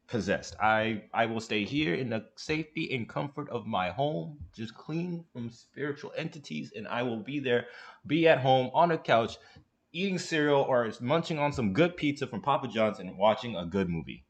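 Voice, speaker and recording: A man hosts a reaction video, talking in an emphatic, animated way. His pitch rises and falls a great deal as he jokes and argues his points. He sits at an everyday middle pitch. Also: normal speed. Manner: animated, emphatic, laughs along. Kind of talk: casual reaction commentary.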